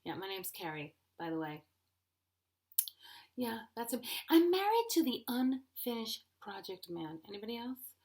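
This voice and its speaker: A middle-aged woman performing stand-up comedy, animated and playful. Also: moderate pace. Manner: high-energy, animated, playful.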